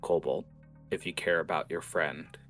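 A worn-down guard captain speaks bluntly in a deep, low voice, as a man acts him out at the game table. His tone is bright and forward despite the depth, and he curses when pressed. Faint music runs behind. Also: steady tone, moderate pace. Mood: grim. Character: weary, grim male city guard captain.

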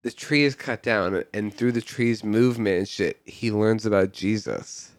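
A man's voice: on the low side, normal speed, no room sound. A man co-hosting a comedy podcast, telling a rambling story with lots of swearing and acted-out voices. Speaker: podcast co-host. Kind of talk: casual comedy podcast chat.

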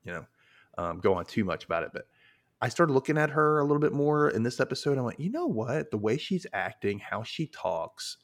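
A man hosting a podcast, talking in a loose, casual way with plenty of swearing. His pitch swings widely as he jokes and reacts. His voice sits at a middle pitch for a man. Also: brisk. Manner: swears casually, animated asides. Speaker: podcast host. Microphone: podcast mic.

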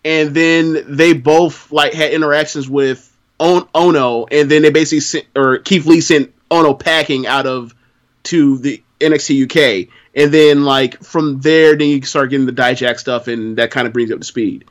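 A man co-hosting a casual wrestling chat, thinking aloud in halting, stop-start phrases. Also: fairly high pitch, fairly even intonation. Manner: halting, many fillers and restarts. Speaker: podcast co-host.

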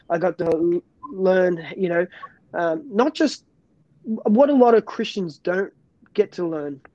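A man's voice: high voice, dark tone, no echo, dull audio. A man, a pastor, giving an earnest personal faith testimony in an interview, often restarting and repeating words.

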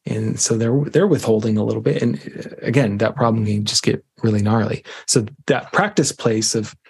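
A man's voice: lowish voice, normal speed, gravelly, a little mellow, slightly rough. A man speaking as a podcast guest, giving reflective relationship advice in a casual, loose way with fillers. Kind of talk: casual conversation.

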